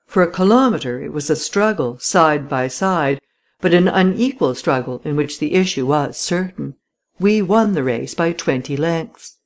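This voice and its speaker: A reader giving measured, dramatic first-person audiobook narration. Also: medium pitch.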